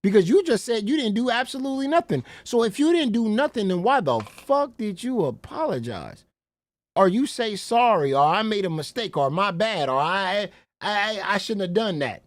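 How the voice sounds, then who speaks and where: A man's high-sitting, very animated voice moves at a moderate pace with no room sound. He's a reaction streamer giving profane commentary, incredulous and mocking, swearing freely and repeatedly calling people "bro."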